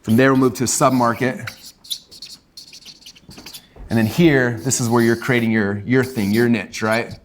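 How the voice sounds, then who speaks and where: A man with an American accent giving a live seminar talk to an audience in a fast, casual way, full of "like" and "right?". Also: mid-range voice, fairly even intonation, slight background noise. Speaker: speaker teaching marketing to an audience.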